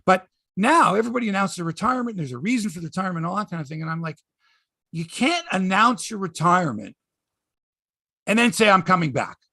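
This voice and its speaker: A man's voice: high-pitched, animated, quick pace, vocal fry, bright, forceful tone, dry recording, clean studio sound. A man hosting a sports podcast, ranting in casual chat, swearing and acting out quotes in voices.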